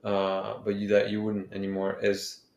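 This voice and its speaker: Flat, low-voiced man musing in an echoey room. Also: moderate pace, creaky. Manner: reflective, summarizing, hesitant. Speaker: podcast co-host. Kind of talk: casual chat.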